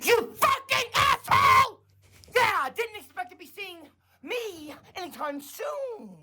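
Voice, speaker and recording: Guy doing a screechy ranting vlogger character, super high, drags every word, clip full of loud noise. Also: very animated, unhurried, heavily acted. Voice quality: shrill, shouting, threatening. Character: ranting unhinged male online vlogger character. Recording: loud noisy clip playback.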